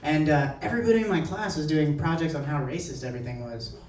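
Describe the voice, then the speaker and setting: A man's voice: on the high side, quick pace, recorded from a distance, a little hiss or hum. A young man from New Jersey performing a stand-up set at a live show, telling stories in a chatty, conversational way and acting out the people he quotes. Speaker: stand-up comedian. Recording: echoey venue heard from afar.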